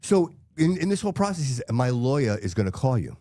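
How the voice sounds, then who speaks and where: A fifty-something man hosts a casual studio sit-down, telling his story with animated energy and calling out to his listeners. His voice sits at an ordinary middle pitch. The sound is dry and close. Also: fast talker, no room sound. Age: 50s. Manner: animated storyteller, addresses audience as guys. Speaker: podcast host. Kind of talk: casual interview chat.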